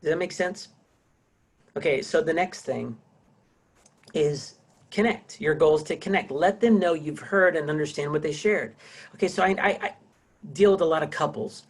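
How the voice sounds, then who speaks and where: A middle-aged man gives a casual class lecture over a video call, rambling and restarting often. His voice is a little high, his speed normal, and he leaves long pauses.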